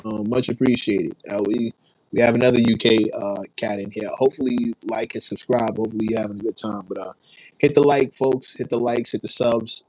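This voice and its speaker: A man's voice: fairly low pitch, fairly even intonation, fairly quick, darkish tone, low-quality recording. Laid-back New man chatting live. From New York. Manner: rambling, laid-back, reads and answers chat. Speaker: livestream host. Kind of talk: casual livestream chat.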